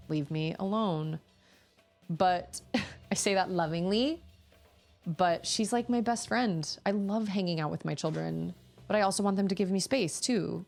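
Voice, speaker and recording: A woman's voice: fairly low pitch, creaky, a little mellow. A woman in her thirties, a streamer, chatting casually and rambling with her viewers. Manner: rambling, chatty, with frequent restarts and laughter.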